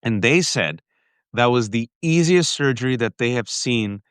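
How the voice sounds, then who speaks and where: A man earnestly recounting a family ordeal in an interview, halting often and restarting his sentences. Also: medium pitch, lively intonation, a bit bright, clean tone, dry recording, clean studio sound. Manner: earnest, halting, with restarts and frequent direct address. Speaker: guest. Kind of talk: emotional personal storytelling in an interview.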